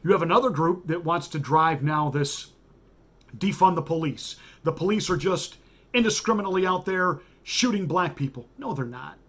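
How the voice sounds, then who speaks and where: Blunt pastor delivering a political rant. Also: male voice, fairly high pitch, expressive, moderate pace, a bit bright. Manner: blunt, emphatic, sarcastic, repeats points. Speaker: pastor and radio show host. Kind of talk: political commentary monologue.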